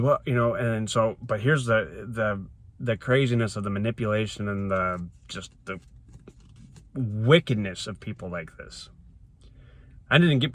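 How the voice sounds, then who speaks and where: A vlogger with a fairly low, fairly bright voice tells a long personal story from his car's driver's seat. He rambles and restarts often yet stays emphatic, with sound captured straight through his phone and no echo.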